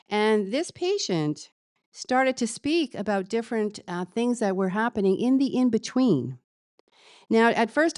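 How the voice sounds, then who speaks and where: An actress playing a funeral celebrant with new-age beliefs, speaking softly and earnestly, rambling with fillers. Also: female voice, on the low side, smooth, no echo, studio quality, natural voice.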